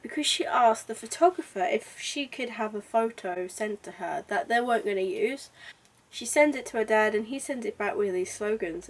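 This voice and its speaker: A young woman chats about a book she loves in a casual review, bubbling with asides. Her voice sits a little high and sounds somewhat distant from the microphone. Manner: chatty and excitable, with frequent asides. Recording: voice a bit far from mic.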